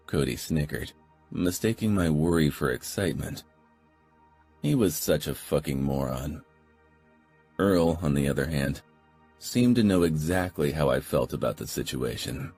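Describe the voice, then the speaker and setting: Very deep husky male audiobook narrator. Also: animated, measured pace, a little mellow, faint music behind. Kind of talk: first-person audiobook narration.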